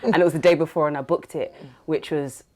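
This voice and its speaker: A woman's voice: sits low, fairly even intonation, quick pace, mellow. A woman hosting a podcast interview, telling stories animatedly and laughing often. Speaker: podcast host. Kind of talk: casual interview chat.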